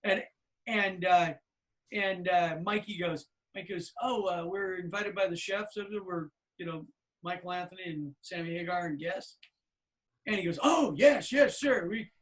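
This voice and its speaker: Animated storytelling man, podcast co-host. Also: high-pitched. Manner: animated storyteller, acts out quoted people loudly. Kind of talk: casual storytelling.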